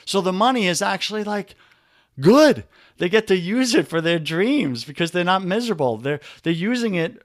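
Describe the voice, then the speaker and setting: A man with a New York accent, a coach and podcast guest, pitching his offers energetically and spelling out web addresses slowly. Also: animated, no echo, clean studio sound. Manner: pushy, repeats web addresses slowly, rallying.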